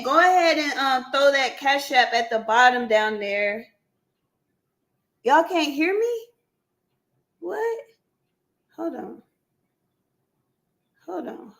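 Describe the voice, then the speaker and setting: A woman hosting a live stream in a casual, chatty way. She keeps talking to her viewers as y'all and breaks into excited shouts and laughs. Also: sits high. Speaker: livestream host running a giveaway. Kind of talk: casual livestream chat with viewers. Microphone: computer mic on a live stream.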